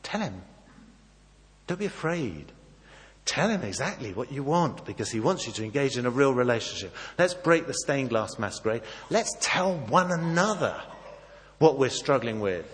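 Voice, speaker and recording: A man preaching a sermon, acting out dialogue and swinging between soft and loud. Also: medium pitch, normal speed, big-room sound. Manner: animated, acts out dialogue, varies volume widely.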